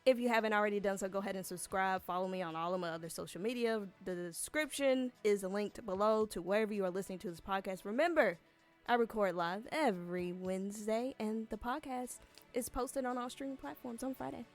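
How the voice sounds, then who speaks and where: A woman's voice: mid-range voice, a little fast, faint music behind. Chatty rambling woman podcast host. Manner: chatty and rambling, with many fillers. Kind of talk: casual live-streamed podcast monologue.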